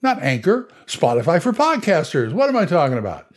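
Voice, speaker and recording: A man's voice: fairly high pitch, wildly swooping pitch, a little fast. A man hosting a podcast, telling game stories in a casual, rambling monologue. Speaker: podcast host. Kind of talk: casual monologue on tabletop games.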